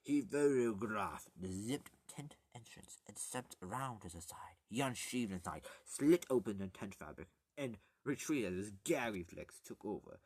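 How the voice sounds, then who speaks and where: A man's voice: on the low side, expressive, darkish tone, breathy edge. Rambling, joking man reading an audiobook aloud. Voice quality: jokey, crude asides and halting self-corrections. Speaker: amateur audiobook reader.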